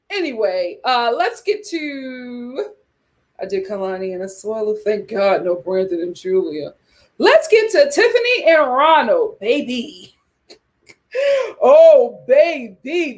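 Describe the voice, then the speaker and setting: Sassy, animated woman reviewer. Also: high voice. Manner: sassy, animated, laughs often. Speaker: reality TV reviewer. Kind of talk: casual show recap.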